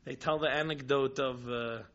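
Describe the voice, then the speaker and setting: A man teaching a religious class with lively, emphatic storytelling and rhetorical repetition. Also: medium pitch, moderate pace. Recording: dull lo-fi recording.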